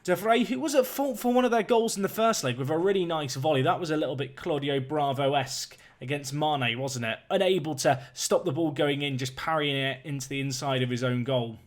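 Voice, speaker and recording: Excitable man calling a game match. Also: on the high side, brisk, hardly any pauses. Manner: excitable play-by-play, rising on chances. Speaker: let's play commentator. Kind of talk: video game match commentary.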